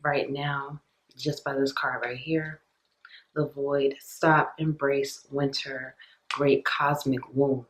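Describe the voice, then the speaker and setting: A woman hosting a tarot reading, talking softly and earnestly to her viewers, often dropping near a whisper. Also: a bass voice, flat delivery, takes it slowly, a little hiss or hum, low-quality recording. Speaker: tarot reader, channel host.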